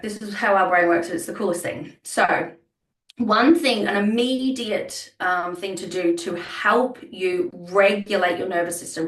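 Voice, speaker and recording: A woman's voice: on the low side, reverberant, recorded from a distance, poor audio. A young adult woman leading a business workshop, talking earnestly and repeating words as she thinks. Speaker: business coach. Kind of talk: workshop talk.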